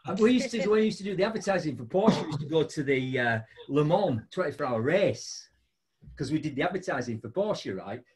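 A man's voice: brisk, slight background noise. A man hosting a show, telling a funny story in a casual chat, laughing often. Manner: animated, laughing storyteller with big pitch jumps. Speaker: podcast host.

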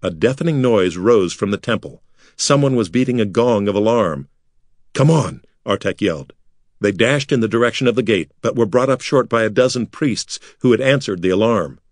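A man reading a children's adventure book aloud in steady scripted narration. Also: on the low side, fairly quick, no echo, studio quality. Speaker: audiobook narrator.

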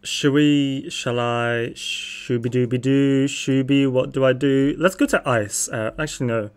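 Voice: mid-range voice, steady tone, a little slow, clean tone. Giggly, teasing young streamer. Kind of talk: casual gaming chat.

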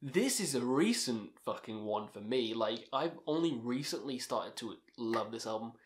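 A man's voice: mid-range voice, expressive, moderate pace. A man ranking heavy metal albums in a casual vlog, talking with emphatic, profane enthusiasm. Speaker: music reviewer.

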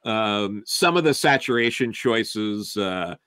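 A man's voice: lowish voice, lively intonation, slow pace, fairly bright tone, clear, resonant tone, no echo. A man on a film review panel, talking casually and rambling with many restarts and fillers.

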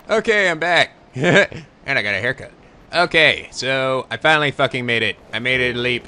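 A young man playing a video game while commenting, swearing and yelling often. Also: mid-range voice, animated, normal speed, heavy background noise. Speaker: let's play host. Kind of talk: gaming commentary. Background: game music.

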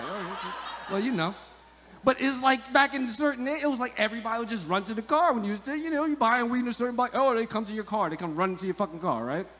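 A man's voice: very high-pitched, fairly bright tone. A man from New doing a profane, rambling stand-up comedy set on an outdoor club stage, laughing at his own jokes. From New Jersey. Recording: live stage sound with long reverb.

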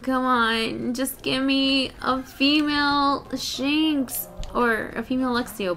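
Excitable young woman gaming. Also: sits high, slow, few pauses, faint music behind. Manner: excitable, chatty, laughs and groans at the game. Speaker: let's play gamer. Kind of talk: casual gameplay commentary.

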